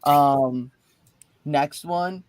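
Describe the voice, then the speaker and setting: A man's voice: a little high, extremely slow, no room sound. Earnest young guy, dry close sound. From Italian-American family. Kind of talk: casual chat.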